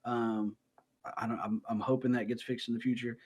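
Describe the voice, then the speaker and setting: A man co-hosting a gaming podcast, chatting casually at a home microphone, joking and rambling through quick asides. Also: mid-range voice, little pitch movement, a little mellow, husky. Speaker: podcast co-host. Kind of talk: casual chat.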